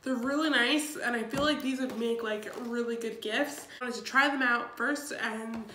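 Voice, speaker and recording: A woman's voice: fairly high pitch, normal speed, echoey room, noisy background. A young woman in her twenties, a bit congested from a cold, chatting upbeat through a makeup tutorial with lots of ums. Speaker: beauty vlogger. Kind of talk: casual makeup tutorial chat.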